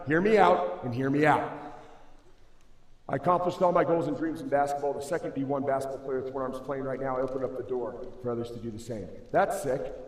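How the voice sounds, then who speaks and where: Young male motivational speaker, slightly high voice, slangy and emphatic, booming reverb of a big hall. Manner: casual and slangy, calls listeners bro and dude; emphatic, swings between loud and hushed. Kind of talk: motivational school assembly speech. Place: large school assembly hall. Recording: echoey hall, long reverb.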